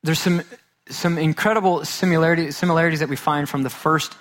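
A man's voice: fairly high pitch, steady tone, fast, a bit bright. Earnest man preaching a sermon. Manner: earnest, repeats phrases for emphasis. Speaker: pastor.

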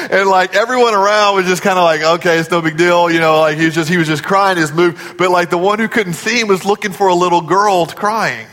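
A male pastor preaching a sermon, telling a story in an earnest way and dropping to a soft, low voice for emphasis. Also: in a large hall. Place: church auditorium.

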